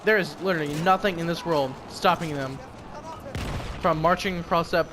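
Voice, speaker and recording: A man's voice: a little high, moderate pace, background noise. A young American man giving profane, rambling commentary while playing a game, jumping between topics with asides. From United States. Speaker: gaming commentator. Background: music and gunfire from a game.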